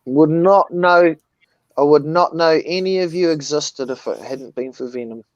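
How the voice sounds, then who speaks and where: A man's voice: fairly high pitch, unhurried, no room sound, highs cut off. A man rambling through a funny story in casual chat, swearing as he goes.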